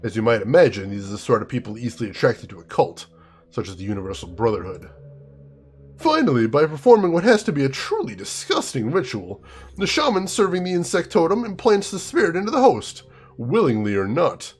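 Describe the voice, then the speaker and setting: A man voicing a painted male elf who explains things in an arch, lively way. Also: mid-range voice, a little fast, husky.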